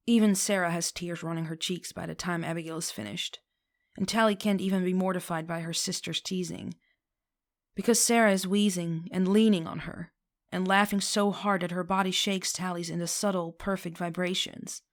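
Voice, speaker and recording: A woman reading a fan fiction story aloud, expressive and slipping into character voices. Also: lowish voice, moderate pace. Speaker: reader.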